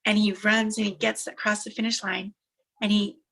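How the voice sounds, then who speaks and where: Woman, motivational speaker, husky voice, emphatic storytelling, repeats lines. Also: mid-range voice, normal speed. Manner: animated, emphatic, repeats phrases for effect.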